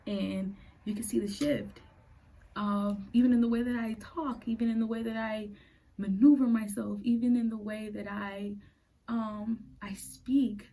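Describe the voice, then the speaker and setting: A woman in her late twenties hosting a podcast. She tells her personal faith story in an earnest, halting way and is close to tears. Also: on the high side, fairly even intonation, mellow, poor audio. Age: late 20s. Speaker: podcast host.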